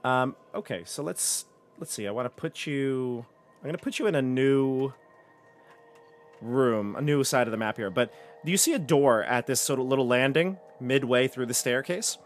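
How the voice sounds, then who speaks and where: A man's voice: medium pitch, animated, normal speed, slight background noise. A man narrating as game master in a chatty, self-correcting way.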